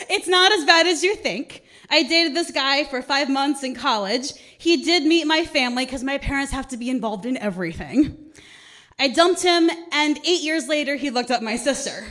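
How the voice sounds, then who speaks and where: A woman's voice: sits high, fairly bright tone. A woman in her thirties from Ohio, telling wry stories with punchy lines in a stand-up set at a small arts centre. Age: 30s. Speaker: stand-up comedian.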